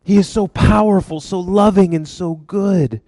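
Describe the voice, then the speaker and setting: A man preaching a sermon, retelling a story in a lively, conversational way. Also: high-pitched, unhurried, no room sound, poor audio. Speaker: pastor.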